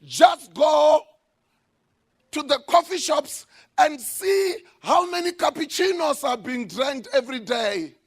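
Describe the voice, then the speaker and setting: A male pastor from South Africa preaches in a church, his voice sitting unusually high. He takes his time over each phrase, then suddenly raises his voice to a shout to drive a point home. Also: animated, takes it slowly. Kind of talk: sermon.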